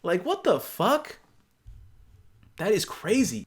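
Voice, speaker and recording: A man's voice: on the high side, lively intonation, moderate pace. Incredulous, foul-mouthed young guy, raised voice. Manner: incredulous, profane, laughs often. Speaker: video host reacting to online posts. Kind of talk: casual reaction commentary.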